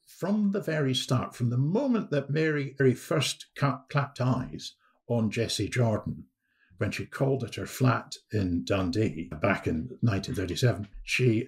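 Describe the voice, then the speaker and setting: A man, a guest historian, spins a story at length in a podcast interview. His voice sits fairly low and carries a gravelly rasp. He tells it in a lively, anecdotal way and often breaks off to restart a phrase.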